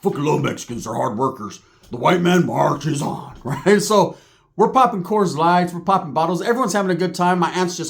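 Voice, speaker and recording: A man's voice: fairly high pitch, lively intonation, normal speed, gravelly. Man telling a profane comic story. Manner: casual, profane, tags lines with right. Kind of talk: comedic storytelling.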